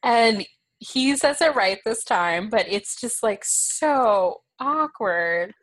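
A woman's voice: on the high side, slow, no room sound, poor audio. A woman hosting a podcast, retelling a sitcom episode in a casual chat and acting out the characters' lines. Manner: animated retelling, quotes characters with shifting voices. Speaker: podcast host.

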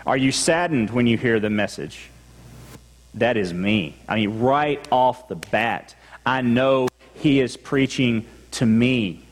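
A man's voice: medium pitch, takes it slowly. A man with a Texan accent, a pastor preaching a sermon in a church sanctuary in a conversational way, acting out his listeners' replies. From Texas. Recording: long hall reverb.

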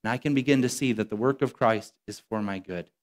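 A man preaching a sermon as a pastor, earnest and conversational, slowing down and growing quieter when he quotes scripture. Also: mid-range voice.

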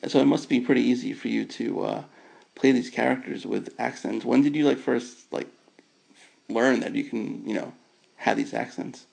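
A man interviewing a guest in casual chat, asking questions haltingly with repeated words. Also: medium pitch, steady tone, creaky, darkish tone. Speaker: interviewer, host.

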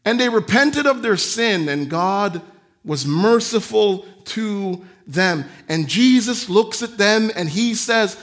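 A man preaching a sermon in a high voice, taking his time over each phrase. He acts out the voices he quotes and swings from loud emphasis to quiet, soft asides. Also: lively intonation, takes it slowly. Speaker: pastor.

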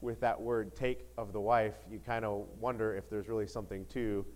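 A middle-aged man from Ohio giving a sermon as pastor, upbeat and chatty, with excited whoops between points. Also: on the low side, moderate pace.

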